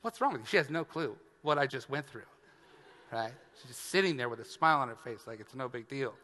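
Man, pastor, sermon, animated storytelling, bright ringing voice, echoing church hall. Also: medium pitch, brisk. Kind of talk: sermon with a funny personal story. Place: church sanctuary. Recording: long church-hall reverb.

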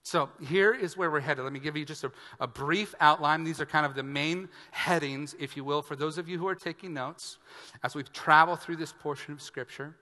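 A man preaching as a pastor, telling a funny personal story with animated, acted-out quotes before outlining scripture. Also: on the high side, normal speed. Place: church sanctuary. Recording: long church-hall reverb.

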